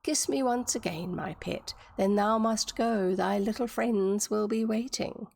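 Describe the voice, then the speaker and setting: A woman with a New Zealand accent, reading aloud as a frail, tender old clockmaker grandfather, speaking slowly and gently. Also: mid-range voice, vocal fry. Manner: slow, gentle, earnest.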